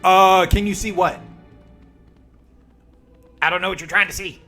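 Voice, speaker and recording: A man streaming live, chatting fast and casually with his viewers and reading their messages aloud. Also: sits high, fairly even intonation, pushed and bright. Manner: chatty, fast-talking, reads chat aloud. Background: background music.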